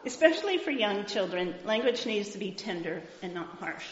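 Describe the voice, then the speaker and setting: A woman's voice: mid-range voice, big pitch swings, normal speed. A middle-aged woman giving an enthusiastic, emphatic talk to a live audience and reading passages aloud, in an echoey lo-fi hall recording. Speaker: speaker.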